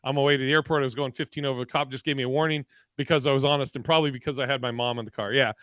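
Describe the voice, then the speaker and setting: A man's voice: medium pitch, steady tone, racing, a bit bright, no echo, poor audio. A man co-hosting a podcast, a comedian chatting casually and acting out quotes in different voices as he tells stories. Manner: storytelling, acts out quotes in voices. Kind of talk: casual chat.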